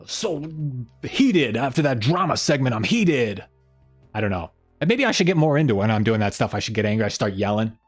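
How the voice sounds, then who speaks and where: Man streamer, casual and rambling, lively pitch, faint music behind. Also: brisk. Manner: rambling, self-mocking, trailing off. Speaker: streamer host. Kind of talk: casual live-stream chat. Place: home room by an open window.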